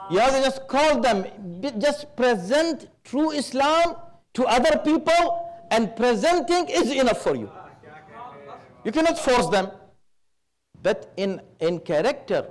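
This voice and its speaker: A man gives a religious lecture in a high voice. He speaks in a measured, emphatic way and weaves Arabic terms into his teaching. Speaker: preacher at a religious gathering. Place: Islamic center hall.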